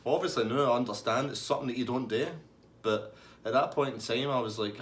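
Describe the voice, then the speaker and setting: A man with a Scottish accent telling a sweary, animated pub story and acting out everyone in it. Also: mid-range voice, fast, a little hiss or hum. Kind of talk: casual anecdote.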